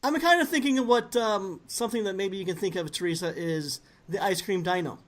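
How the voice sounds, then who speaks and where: A man's voice: sits high, brisk. Man, podcast host, casual chat, playful, laughs a lot.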